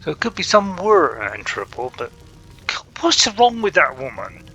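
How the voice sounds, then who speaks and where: A man hosting a casual gaming video, chatting and dropping joking asides as he plays. His voice is very bright and edgy. Faint music runs behind him. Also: on the high side, very animated, normal speed, slightly rough, poor audio. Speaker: gaming channel host. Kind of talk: casual game commentary. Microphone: console app chat mic.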